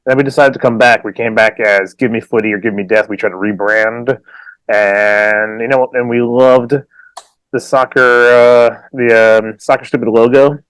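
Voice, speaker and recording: A man with kids co-hosting a casual soccer podcast, animated and laughing often as he tells stories and slips into silly voices. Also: mid-range voice, normal speed, clear, resonant tone, no echo. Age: adult with children. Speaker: podcast co-host. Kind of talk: casual chat.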